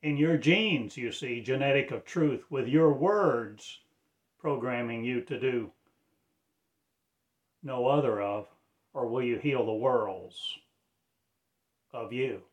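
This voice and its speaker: Man, self-appointed preacher, very slow delivery, rambling pleading sermon. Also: medium pitch. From Arkansas, USA. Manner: slow, pleading, loosely strung phrases. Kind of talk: rambling religious address.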